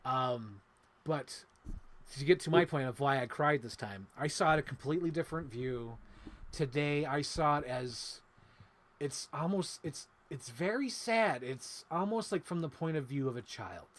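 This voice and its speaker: A man's voice: on the high side, animated, moderate pace, a bit bright. A man co-hosting a film review talk show, chatting casually and emotionally with lots of fillers. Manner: rambling, emotional, many fillers. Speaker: podcast co-host. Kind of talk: casual movie review chat.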